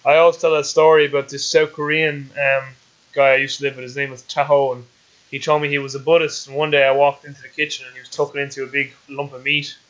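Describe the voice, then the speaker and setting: A man with an Irish accent hosting an interview, chatty and quick as he tells stories and asks questions. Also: medium pitch, little pitch movement, a bit bright, dull audio. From Ireland. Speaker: podcast host. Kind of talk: conversational interview.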